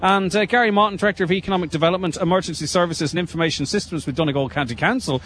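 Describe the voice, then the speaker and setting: A man with an Irish accent presenting a live outdoor radio broadcast, upbeat and giving shout-outs. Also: high voice, very fast. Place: outdoor show ground.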